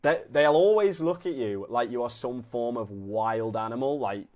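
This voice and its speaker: A man's voice: medium pitch, lively intonation, moderate pace, a little mellow. A young man from Britain, a personal trainer, giving casual coaching advice and acting out both sides of gym conversations in a laid-back way. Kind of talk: casual coaching talk to camera.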